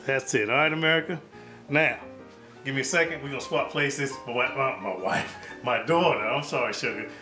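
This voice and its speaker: A man's voice: mid-range voice, a little fast, roomy sound, music in the background, low-quality recording. A man hosting a casual home cooking show, joking and hyping each step straight to his viewers.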